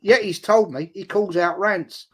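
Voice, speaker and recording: A middle-aged man chats bluntly on his livestream and reads out comments from viewers. His voice sits a little on the high side for a man. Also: steady tone, measured pace, fairly bright tone. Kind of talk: casual livestream chat.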